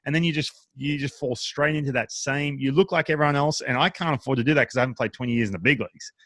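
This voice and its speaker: A man with an Australian accent hosting a casual interview, asking energetic, rambling questions full of restarts. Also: medium pitch, fast talker, dry recording. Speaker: podcast host.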